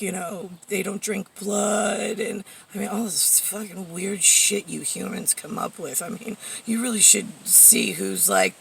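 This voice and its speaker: A woman vlogger rambles through a profane, sardonic rant, laughing often and leaning on fillers. Her lowish voice is creaky and a bit bright, picked up by a distant mic with a little hiss or hum.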